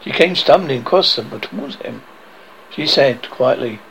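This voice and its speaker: A man hosting a horror show, reading a spooky tale dramatically, with halting slips now and then. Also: mid-range voice, lively intonation, gravelly, fairly bright tone, a little hiss or hum, poor audio. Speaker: horror host.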